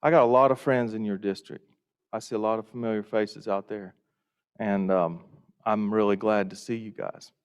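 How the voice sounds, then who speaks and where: In a reverberant conference hall, a Rotary district leader gives a folksy, story-driven welcome speech to the conference audience. His voice is on the low side, smooth, and fairly even in intonation, at a moderate pace.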